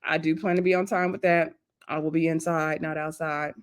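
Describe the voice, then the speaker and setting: A woman vlogger recapping a reality TV episode in a casual, gossipy, animated way, with loose slangy talk and asides to her viewers. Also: low voice, normal speed, clear, resonant tone. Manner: loose slangy speech addressing viewers as y'all.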